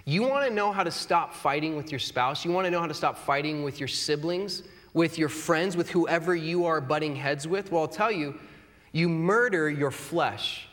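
A man in his thirties delivers a sermon in a high, bright register. He talks to the congregation like friends, earnest and self-deprecating. A long reverb from the hall trails behind his words. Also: normal speed. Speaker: preacher.

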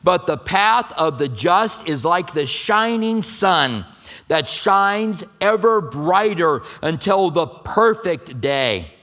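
A man preaching a sermon in a conversational way, reading scripture slowly and acting out quotes. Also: high-pitched, big pitch swings, pushed and bright. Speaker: pastor.

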